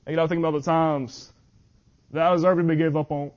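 A man preaching at a youth meeting, reading scripture slowly and earnestly, sometimes tripping over his words. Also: fairly high pitch, flat delivery. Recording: muffled lo-fi audio.

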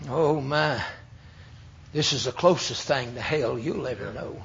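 A man from the United States, preaching an emphatic sermon that swings between loud and hushed. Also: medium pitch, unhurried. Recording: dull lo-fi sermon recording.

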